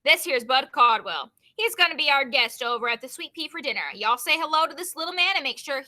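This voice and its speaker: A woman voicing an older male bandleader with a slow, wry drawl, read aloud on a video call. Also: sits high, expressive, bright, forceful tone, heavily acted.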